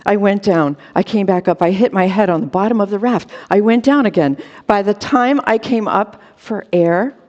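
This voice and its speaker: A woman's voice: medium pitch, moderate pace, hardly any pauses, darkish tone. A woman performing a comic true story for a storytelling contest, with dramatic timing and short, punchy phrases over a video call. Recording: dull lo-fi audio with long reverb.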